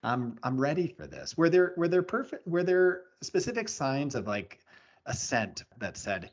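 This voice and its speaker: A man's voice: on the high side, sing-song, unhurried. A man hosting a podcast, with a mid-range voice that rises and falls a lot. His questions are long and earnest, and he restarts them often. The recording sounds dull and lo-fi. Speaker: podcast host. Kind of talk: interview questions. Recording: dull lo-fi audio.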